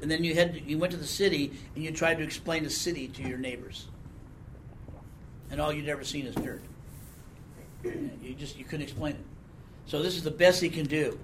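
At normal speed but pausing often, a man with a slightly high voice delivers a Bible-teaching sermon over slight background noise. His style is conversational, with questions to the congregation and a frequent "okay?"

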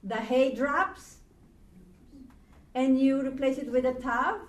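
A woman's voice: sits high, slow. A woman teaching a Hebrew grammar lesson to a class, patient and asking the students questions. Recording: roomy, from far off, faint noise.

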